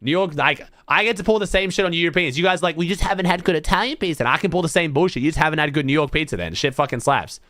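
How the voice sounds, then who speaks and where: A man's voice: on the high side, lively intonation, fast talker, few pauses, pushed and bright, no room sound, clean studio sound. An Australian man streaming to his chat, thinking aloud in blunt, casual talk full of swearing. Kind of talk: casual livestream chat to viewers.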